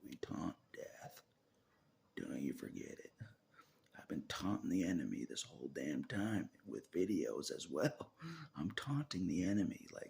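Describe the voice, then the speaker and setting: Gravelly deep-voiced man rambling to camera. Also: very animated, normal speed, whispered. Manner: swings from loud outbursts to low muttering with frequent laughs. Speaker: vlogger. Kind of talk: rambling solo monologue to camera. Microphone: camera mic.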